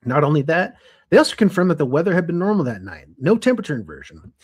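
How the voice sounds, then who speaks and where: A young adult man co-hosting a podcast, telling a story from his notes in a lively, casual way with frequent restarts. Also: a little high, fast, breathy edge. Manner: animated, restarts and self-corrections. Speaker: podcast co-host.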